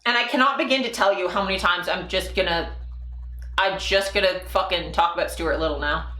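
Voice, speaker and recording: A woman's voice: lowish voice, brisk, pushed and bright. A young woman streaming live, telling rambling stories in a casual, profane and giggly way. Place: home room. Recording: echoey room.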